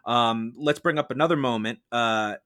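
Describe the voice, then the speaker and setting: A man's voice: mid-range voice, fairly bright tone. Man arguing a formal mock-trial case. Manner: measured, formal courtroom-style arguing. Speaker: mock-trial prosecutor on a film podcast. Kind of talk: prepared argumentative case delivered to a judge.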